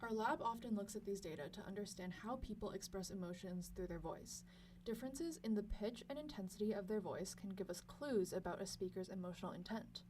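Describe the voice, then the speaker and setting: A young woman presenting a scripted educational lesson in a clear, measured explanatory way. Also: mid-range voice. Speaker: lab student presenter. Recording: slightly distant mic with faint hum.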